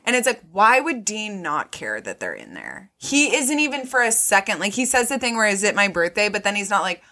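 Bright, animated woman in casual chat. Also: medium pitch, a little fast. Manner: animated, swearing, quoting scenes in voices. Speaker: podcast co-host.

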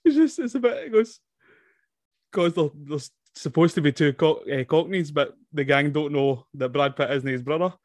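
A man co-hosting a casual film review podcast, excitable and laughing a lot. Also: fairly high pitch, moderate pace, dry recording. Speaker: podcast co-host.

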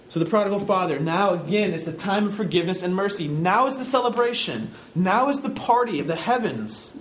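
A male pastor delivering a sermon in a somewhat high voice. He swings between calm explanation and loud, climbing emphasis. A faint hum sits under the recording. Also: rough recording. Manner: rises to loud, high-pitched emphatic preaching.

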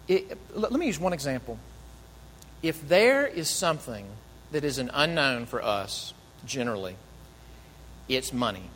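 A man preaching a sermon in an animated way, acting out quoted speakers and dropping to soft, low tones. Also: in a large hall, a little hiss or hum, poor audio. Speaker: pastor.

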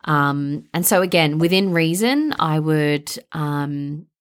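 A young woman with a notably low voice talks her way through a parenting podcast episode. She speaks casually and conversationally, filling her sentences with plenty of "like" and "um". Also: expressive, takes it slowly. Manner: chatty, filler-heavy, with frequent "like" and "um". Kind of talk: casual solo podcast chat.

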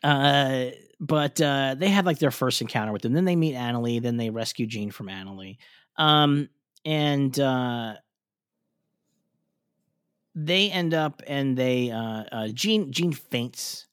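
A man rambling through a cartoon recap with his co-host, full of ums and false starts. His pitch rises and falls in a lively way as he talks. The sound is close and dry, with no room around it. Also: slow, clean tone, no echo. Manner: rambling, lots of ums and restarts, swears casually. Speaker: podcast co-host. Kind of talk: casual chat recapping a cartoon episode.

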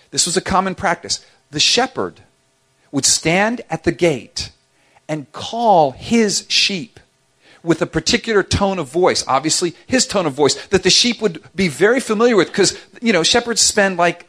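A middle-aged man preaching a sermon as a pastor, telling stories with playful asides. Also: fairly high pitch. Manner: animated storytelling with playful asides.

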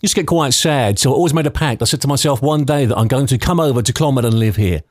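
A man in his fifties from London hosts a podcast, fast-talking in a mid-range voice with a darkish tone. He tells nostalgic personal anecdotes in a chatty way with light laughs, recorded dry and clean in a studio.

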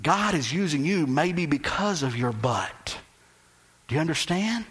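A man's voice: a little high, animated, unhurried, a bit bright, breathy edge. A man pastor preaching a sermon who talks emphatically and keeps asking his congregation questions.

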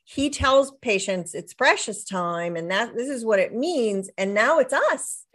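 A woman's voice: fairly high pitch, lively intonation, a little slow. A middle-aged woman, a widowed author, talking in a casual interview in a reflective way, often restarting her sentences. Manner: warm, reflective, with frequent restarts and soft laughs. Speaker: author and guest.

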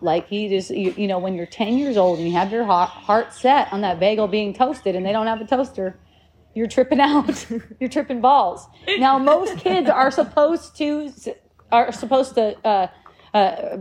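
Animated, laughing woman telling a story. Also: fairly high pitch. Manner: animated, laughing often, many restarts. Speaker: parent sharing a story. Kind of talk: casual storytelling.

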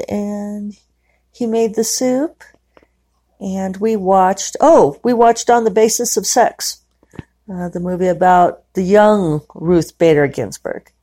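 A woman's voice: medium pitch, dark tone. Chatty woman rambling about her day. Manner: chatty, rambling, quick to laugh. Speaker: podcaster. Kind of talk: casual diary-style monologue. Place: living room at home.

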